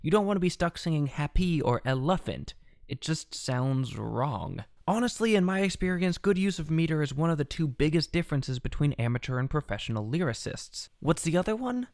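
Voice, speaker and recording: A man's voice: a little high, a little fast, no room sound, studio quality. A man hosting a music theory lesson, giving scripted explainer narration with playful asides. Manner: lively, animated delivery with playful asides. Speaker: music educator host.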